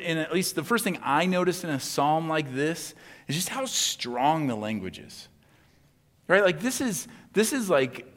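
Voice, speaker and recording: A man preaching a conversational sermon in a casual, chatty way, full of asides and quick "right?" checks with the congregation. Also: fairly high pitch, a bit bright. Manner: casual, chatty, many asides and tag questions. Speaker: pastor. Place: church sanctuary. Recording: long hall reverb.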